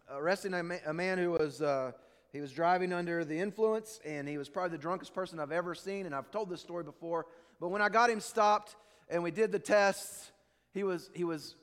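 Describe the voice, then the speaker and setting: A man preaching a sermon, telling stories and acting out quotes, then dropping low and quiet to drive a point home. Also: big-room sound. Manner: storytelling preacher, acts out quotes, drops low for emphasis. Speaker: pastor.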